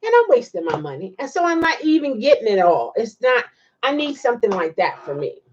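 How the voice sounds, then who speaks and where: A woman's voice: fairly high pitch, very animated, fairly quick, husky, muffled recording. A woman hosting a casual livestream, chatting and reacting to viewer comments with frequent laughs. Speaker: livestream host.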